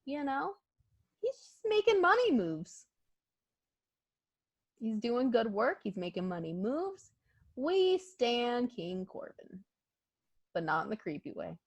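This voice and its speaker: A woman co-hosting a casual wrestling podcast. She speaks slowly, with a bright and lively pitch that swings widely. She keeps laughing and acts out other people's lines in jokey voices, on a dry, close mic. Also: dry recording, muffled recording. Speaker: podcast co-host.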